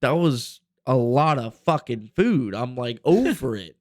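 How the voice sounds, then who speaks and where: A man's voice: mid-range voice, big pitch swings, a little slow, no echo, clean studio sound. A young man co-hosting a podcast, telling a long rambling story in casual chat, full of fillers and swearing. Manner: rambling, profane, filler-heavy. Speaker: podcast co-host.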